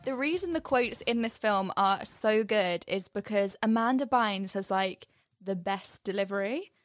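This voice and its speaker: A woman's voice: medium pitch, measured pace, no room sound, studio quality, faint music behind. A woman co-hosting a casual film chat, giggly and playful. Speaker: podcast co-host.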